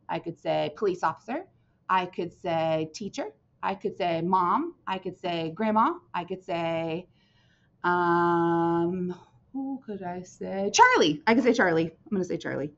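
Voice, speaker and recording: A woman teaching young children in a lively, sing-song voice that swoops up and down, often pausing to ask "right?" or "okay?". The recording is dull and lo-fi. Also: lowish voice.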